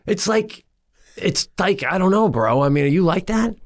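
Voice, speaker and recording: A middle-aged man co-hosting a podcast, telling a story in a casual, animated way and acting out his own exasperated lines. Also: a little high, moderate pace. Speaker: podcast co-host.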